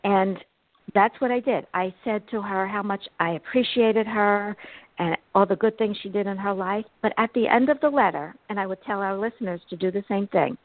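Brief: expressive woman medium, interview guest, dry phone-line sound. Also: mid-range voice, normal speed, dry recording. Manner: animated, expressive storyteller. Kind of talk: interview storytelling.

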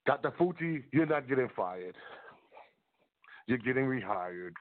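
Hyped man giving shout-outs, tinny sound. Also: medium pitch, lively intonation, unhurried. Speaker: video blogger. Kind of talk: excited casual monologue. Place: New York. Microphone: close to a mic.

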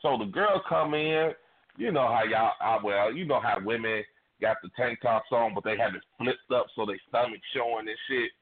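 A man's voice: medium pitch, moderate pace, breathy edge. A man co-hosting a radio talk show, telling crude, profane stories and acting out the voices of the people in them. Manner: profane, animated, acts out voices in his stories. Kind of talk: crude comedic storytelling. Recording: phone-like band-limited radio audio.

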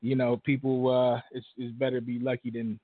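A man's voice: mid-range voice, flat delivery, moderate pace, no room sound. Laid-back man on a dry phone line. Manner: laid-back, hesitant, many fillers. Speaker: podcast co-host. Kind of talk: casual sports talk.

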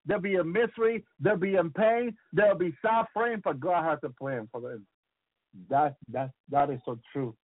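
Delivered over thin, phone-like radio audio, this sermon comes from a man with a high-pitched voice on a dry recording. He preaches with fervor about visions he has had, punctuating it with hallelujahs and repeated words.

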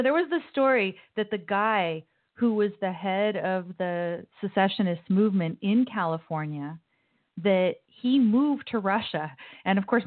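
A woman hosting a call-in talk show, chatting in a loose, opinionated way with asides. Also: lowish voice. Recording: tinny phone-like sound.

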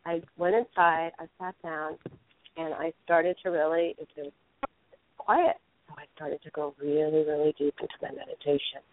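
A woman with a somewhat low voice tells a story earnestly as a guest in a radio conversation. The sound is narrow and phone-like, with no room echo at all. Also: little pitch movement, moderate pace. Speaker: spiritual teacher, guest. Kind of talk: casual radio interview talk.

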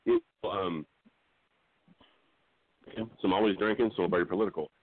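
A middle-aged man calling in to a talk show, telling meandering jokes with halting restarts. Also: deep voice, dry recording. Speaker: regular caller. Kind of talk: rambling comedic call-in chat. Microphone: phone. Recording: dry tinny phone line.

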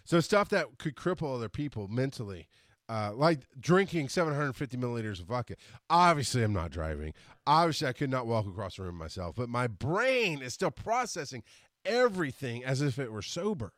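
A man hosting a podcast, telling a story in a casual monologue, animated and quick to laugh as he acts out scenes. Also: mid-range voice, no echo, clean studio sound. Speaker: podcast host.

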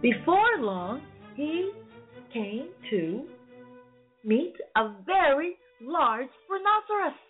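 A woman reading a bedtime story to children, slow and expressive, often laughing. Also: high voice. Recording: phone-like lo-fi sound, faint music.

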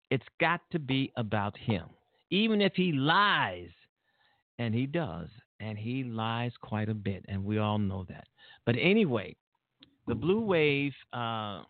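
A man's voice: medium pitch, dry recording. A man hosting a political talk show, ranting in a heated, profane, rambling way with frequent restarts. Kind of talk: angry political commentary. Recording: tinny phone-like line, dry.

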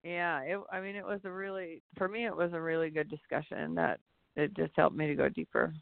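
A man's voice: a little high, fairly even intonation, a little fast, creaky, no room sound. A man co-hosting a reflective spiritual talk show, rambling and searching for his words. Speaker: podcast co-host. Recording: tinny phone-line sound.

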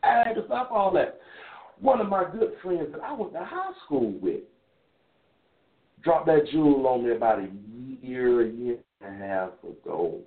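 A man's voice: medium pitch, very animated, normal speed. A man in his thirties hosting a radio show, talking in a loose, rambling, candid way with some swearing while he drives. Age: 30s. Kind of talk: casual call-in radio monologue. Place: in a car while driving. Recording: tinny phone line, echoey.

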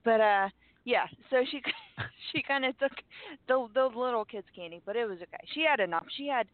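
A woman's voice: a little high, expressive, fairly quick, no room sound. Giggly woman co-host on a phone line. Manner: giggly, chatty. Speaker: radio co-host. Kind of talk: casual radio chat. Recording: dry, phone-like audio.

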